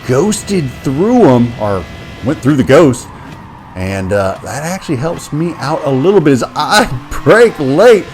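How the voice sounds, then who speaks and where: A man's voice: a little high, sing-song, a little slow, darkish tone, soft background music. A man giving casual, chatty commentary over a replay of his own sim race, talking through each decision in a self-deprecating way.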